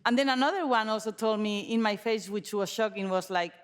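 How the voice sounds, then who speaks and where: A woman with an accent speaking as a company CEO on a conference panel, telling stories in a lively way and acting out what people said to her. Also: mid-range voice, brisk, smooth, big-room sound. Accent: non-native accent. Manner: animated storytelling, acting out remarks made to her. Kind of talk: panel discussion.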